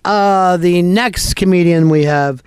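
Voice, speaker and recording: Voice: medium pitch, slow, darkish tone, smooth, no echo. A co-host introducing comedians with wry jokes. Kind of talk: casual introductions.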